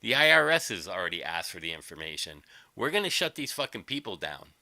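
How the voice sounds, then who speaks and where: Sharp-voiced man in a profane rant. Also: sits low, very animated, a little fast, vocal fry, no echo. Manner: combative, heavy swearing, sarcastic. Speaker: livestream host.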